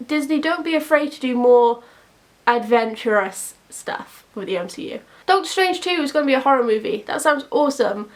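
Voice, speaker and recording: A young woman with a high voice gives casual commentary to her channel. She talks in a chatty, opinionated way and laughs at her own jokes. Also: a bit bright. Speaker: YouTuber.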